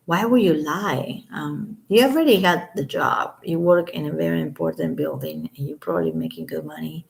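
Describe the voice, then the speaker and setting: Low gravelly woman, sarcastic vlogger. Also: fairly quick, few pauses. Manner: sarcastic, scoffing asides. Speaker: commentary vlogger. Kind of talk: casual commentary reading court statements aloud.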